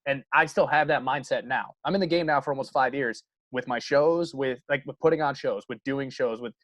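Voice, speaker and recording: A man's voice: medium pitch, a little fast, fairly bright tone, no echo. A young man, a guest comedian, rambling earnestly and self-doubtingly in casual podcast talk.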